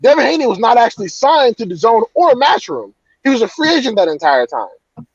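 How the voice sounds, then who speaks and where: A man's voice: very high voice, big pitch swings, brisk, husky, dry recording, highs cut off. A man ranting heatedly about boxing in a casual chat, cursing often. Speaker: boxing commentator.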